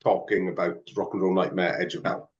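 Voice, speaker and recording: A man's voice: deep voice, level tone, brisk. Wry man on a roomy, muffled line. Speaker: podcast co-host. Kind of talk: casual chat. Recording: roomy, dull lo-fi remote audio.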